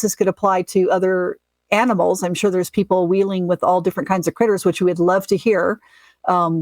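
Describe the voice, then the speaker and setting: A woman co-hosting a talk show, upbeat and chatty, quick to agree in casual talk. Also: medium pitch, no echo. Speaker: podcast co-host. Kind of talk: casual chat.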